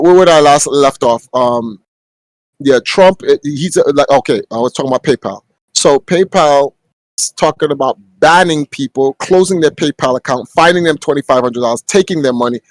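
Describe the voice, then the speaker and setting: A man's voice: on the high side, no room sound, poor audio. A young man hosting a podcast, talking bluntly and profanely in a casual rant that keeps climbing into heated outbursts. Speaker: podcast host. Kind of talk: casual ranting monologue. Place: home room.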